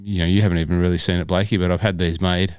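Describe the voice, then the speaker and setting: A man's voice: deep voice, little pitch movement, racing, clean tone, no echo, clean studio sound. A man co-hosting a casual podcast, joking around and stumbling as he reads questions aloud. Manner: jokey, stumbles and restarts when reading aloud. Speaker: podcast co-host.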